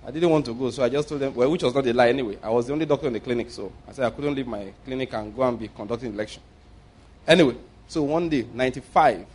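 A middle-aged Nigerian man preaching a sermon, telling stories and swinging between loud emphasis and quiet asides. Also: mid-range voice, very fast.

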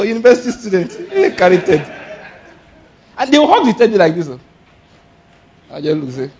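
A man preaching a sermon, animated and often laughing, firing rhetorical questions and shouting exclamations. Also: high voice, fairly quick, long pauses. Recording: dull lo-fi sound.

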